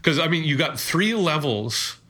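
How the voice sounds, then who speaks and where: Chatty, bright-voiced pastor. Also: male voice, fairly high pitch, very animated, moderate pace. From upper Midwest. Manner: chatty, laughing, many restarts. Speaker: pastor, podcast co-host. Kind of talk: casual chat.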